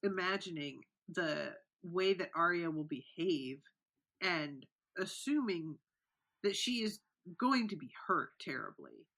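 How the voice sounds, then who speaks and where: A woman co-hosting a podcast in casual book discussion, relaxed, sometimes reading passages aloud. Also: fairly low pitch, takes it slowly. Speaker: podcast co-host.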